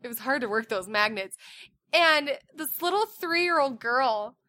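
Woman, high voice, bright and forceful, loud, animated, casual chat. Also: a little slow. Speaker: parent and co-host.

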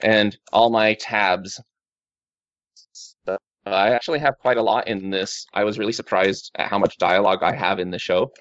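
A man's voice: lowish voice, steady tone, moderate pace, fairly bright tone, no echo. A man chatting casually with friends, rambling through his news with many restarts and fillers. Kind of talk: casual group chat. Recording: dull lo-fi recording.

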